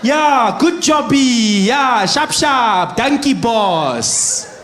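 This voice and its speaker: Guy doing a condescending south african driver yelling baby talk, high and loud. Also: animated, very slow, reverberant, a crowd in the background, noisy background, full character voice. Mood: patronizing. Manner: patronizing baby talk, shouted. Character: condescending white businessman shouting to attendant.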